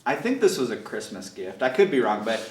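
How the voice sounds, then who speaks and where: A man's voice: medium pitch, brisk. Guy telling goofy stories, laughs a lot, echoey room, sitting back from the mic. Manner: storytelling, animated, laughs often. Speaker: guest. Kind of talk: casual chat. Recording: roomy, from a distance.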